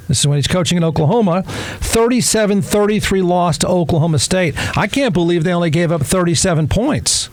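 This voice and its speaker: Snarky male talk host with a high voice, casual and irreverent. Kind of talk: casual sports commentary.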